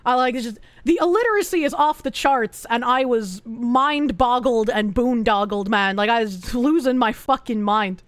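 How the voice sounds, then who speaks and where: A high-pitched woman streaming from home, ranting to her chat with lots of swearing and sudden gasps. Her voice is close and dry on a desk mic, with no room sound around it. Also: no echo. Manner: profane, exasperated, quick to gasp and laugh. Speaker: streamer reading chat and posts. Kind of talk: casual livestream chat.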